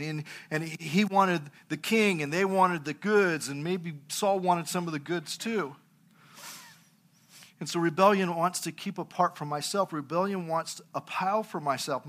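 A middle-aged pastor delivers a sermon with a forceful, bright tone and a fairly high pitch for a man. He preaches through funny, personal anecdotes. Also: moderate pace. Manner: anecdotal, humorous storytelling.

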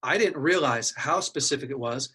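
A husky, middle-aged man speaks in an earnest, candid way, sharing a painful personal story. His voice sits at an ordinary pitch with a breathy edge. He acts out the things he said to himself as he tells it. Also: normal speed, pushed and bright. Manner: earnest, emotional, acts out his inner dialogue.

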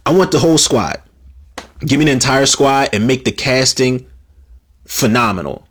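A man talking alone on his own show in a loose, rambling way. He stammers and restarts often and swears freely. His voice sits at an ordinary middle pitch. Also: animated, moderate pace, long pauses, husky. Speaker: podcast host. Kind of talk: casual solo commentary.

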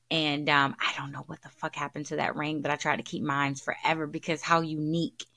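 A woman's voice: deep voice, fairly even intonation, brisk, hardly any pauses, pushed and bright. A woman hosting a candid solo podcast, talking bluntly and profanely and repeating her points for emphasis. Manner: blunt and profane, talks frankly. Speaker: podcast host.

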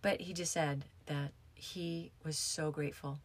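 A woman's voice: low voice, steady tone, a little slow, slight background noise. A woman yoga teacher talking in a casual, rambling way, with frequent restarts and fillers. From United States. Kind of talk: casual reflective talk.

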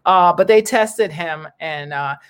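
A person delivering a casual opinion monologue to viewers, animated and exclamatory, with slangy asides and lots of fillers. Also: slow pace, smooth. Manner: animated, slangy and exclamatory, with big pitch jumps.

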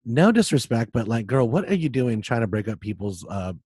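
Animated profane podcast host, man. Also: mid-range voice, a little fast, husky, no echo, clean studio sound. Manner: animated, profane storytelling with joking asides. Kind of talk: casual pop culture chat.

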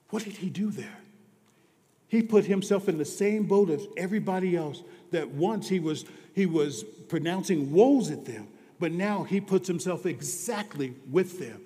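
A man preaching a sermon as pastor, earnest, moving between hushed and emphatic delivery. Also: high-pitched, normal speed. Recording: long reverb of a large hall.

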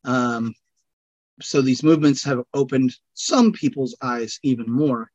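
A man with a Californian accent, talking casually as a podcast guest in an animated, rambling way with loud bursts. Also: mid-range voice, unhurried, muffled recording. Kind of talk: casual conversation.

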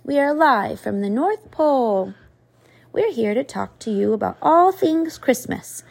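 A woman's voice: sits high, animated, takes it slowly, vocal fry, full character voice. A woman reading aloud and voicing a cheerful older woman, Santa's wife, who speaks like an announcer.

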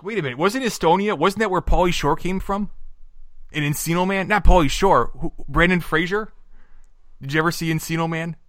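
Bright-voiced joking podcast host man. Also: a little high, a little fast, dry recording. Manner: jokey, playful banter, rattles off lists. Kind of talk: casual chat.

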